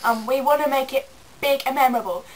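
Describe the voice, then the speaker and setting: A woman with an Australian accent, co-hosting a vlog in excitable casual chat and gushing about things. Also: sits high, fast, rough recording. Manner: animated and gushing. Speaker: vlog co-host.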